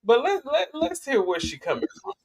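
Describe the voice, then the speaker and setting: A woman's voice: high voice, sing-song, normal speed. A woman hosting a casual commentary vlog, talking in a chatty, rambling way to her viewers. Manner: chatty, rambling, with frequent restarts and laughs. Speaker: vlogger host.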